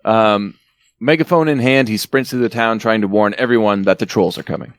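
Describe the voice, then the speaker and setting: A man's voice: lowish voice, fairly quick, clear, resonant tone, dry recording, studio quality. A man hosting a podcast, casually recapping a film's plot with joking asides. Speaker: podcast host recapping a film. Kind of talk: casual chat.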